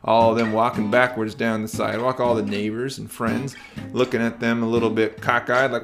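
A man telling a children's bedtime story as podcast host, in a relaxed, rambling way with fillers. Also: mid-range voice, fairly quick, over music.

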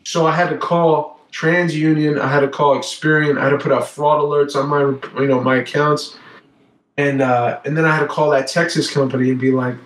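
A man's voice: a little high, fairly even intonation, fairly quick, slight background noise. A young man in casual chat, rambling through stories in a slangy way, calling people bro and dude. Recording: echoey room.

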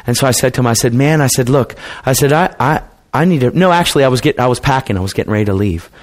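A man's voice: medium pitch, rapid-fire. Man telling a sermon testimony casually. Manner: casual and conversational, calls people man and dude; acts out quoted people in dialogue. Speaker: preacher.

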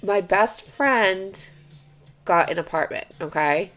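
A woman's voice: medium pitch, takes it slowly, fairly bright tone, soft background music. A young woman hosting a podcast who talks bluntly and confessionally, swearing often and adding lots of "okay" and "right". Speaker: podcast host. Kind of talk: candid personal monologue.

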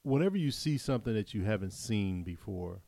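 A man's voice: fairly low pitch, lively intonation, brisk, creaky, mellow, no room sound. Chatty guy cohosting a movie podcast, says like and you know a lot, dry close sound. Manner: chatty, with frequent you-knows and likes. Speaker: podcast co-host. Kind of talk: casual movie chat.

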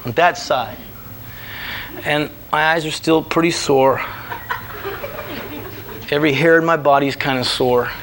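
Man, high voice, lively storyteller, church testimony. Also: a little slow, long pauses, background noise. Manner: acts out his own past lines in lively voices. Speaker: speaker giving a personal testimony. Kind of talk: animated storytelling. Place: church room.

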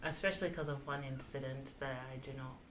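A woman's voice: extremely low pitch, fairly even intonation, fast, fairly bright tone, a little hiss or hum. A young woman co-hosting a podcast in casual chat, rambling with lots of fillers and giggles. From Australia. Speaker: podcast co-host.

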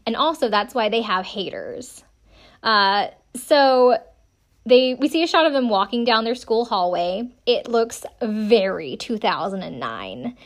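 A chatty woman in her thirties, from South Carolina, hosting a casual podcast recap. Her voice sits fairly high, and she talks in a wry, self-deprecating way, with plenty of "um"s and "like"s. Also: lively intonation, unhurried. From South Carolina, USA. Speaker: podcast host recapping a TV episode. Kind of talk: casual chat.

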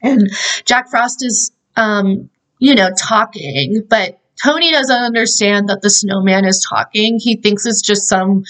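Recapping a movie casually, this young podcast host chatters along with plenty of fillers and asides she laughs through. Her voice is mid-range, a bit bright, and a little slow, and the audio is poor.

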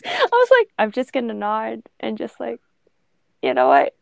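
A woman's voice: fairly high pitch, huge pitch swings, a little slow, creaky, a little mellow, no echo, studio quality. A woman in her twenties from the Philippines, co-hosting a podcast in casual, candid chat, swearing freely and laughing often. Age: 20s. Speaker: podcast co-host.

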